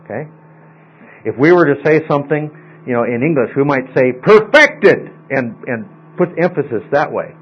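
A man's voice: medium pitch, lively intonation, moderate pace, breathy edge. A man teaching a Bible study class, explaining word meanings patiently and often checking in with his listeners. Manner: explanatory, often asks okay. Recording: tinny phone-like audio, faint mains hum.

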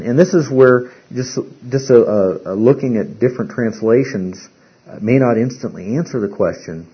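A man teaching a Bible study class. He speaks haltingly, repeats words and keeps asking the class questions. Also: mid-range voice, slightly rough. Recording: muffled lo-fi recording.

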